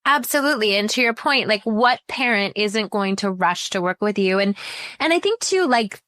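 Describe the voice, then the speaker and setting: A woman's voice: mid-range voice, animated, normal speed, pushed and bright, dry recording, studio quality. A woman in her thirties, a company founder guesting on a podcast, talking in an upbeat, eager and persuasive way. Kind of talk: casual interview chat.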